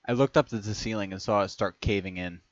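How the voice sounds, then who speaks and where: A man reading a first-person story aloud in a casual way, often stumbling on words, restarting them and clearing his throat. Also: on the low side, quick pace, no room sound. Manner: reads in first person, stumbles and restarts on words, breaks into long fits of laughter. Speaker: reader of fan fiction. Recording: dry, slightly dull home recording.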